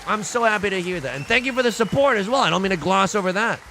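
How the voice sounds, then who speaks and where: Animated man streaming mahjong. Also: high voice, fast talker, slight background noise. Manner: animated, jokey, reads chat aloud. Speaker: streamer playing online mahjong. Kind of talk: casual livestream chat.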